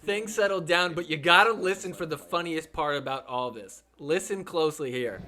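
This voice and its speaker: A man hosting a podcast who gives excitable, joking recap commentary over match clips and swears freely. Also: high-pitched, a little fast, few pauses, a faint crowd. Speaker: podcast host.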